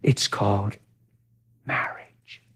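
A man preaching a testimony in animated storytelling, swinging from shouts to hushed near-whispers. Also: takes it slowly, slight background noise. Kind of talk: sermon testimony.

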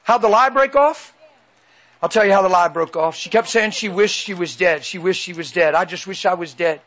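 A man's voice: sits high, expressive, moderate pace, a bit bright. A man preaching a sermon into a handheld mic, emphatic and repeating phrases for weight.

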